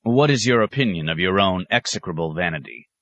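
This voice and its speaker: A man's voice: low-pitched, expressive, a little fast, a bit bright. A man voicing a stern, sarcastic abbot who questions a novice with cutting mockery. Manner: mocking, cutting, sometimes roaring.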